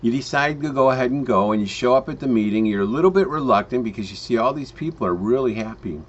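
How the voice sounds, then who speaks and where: A man tells a parable in a plain, mid-pitched voice, leaning on slow, emphatic phrasing. He often stops and restarts his lines. The recording sounds dull and lo-fi. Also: expressive. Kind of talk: spoken parable for a home business pitch.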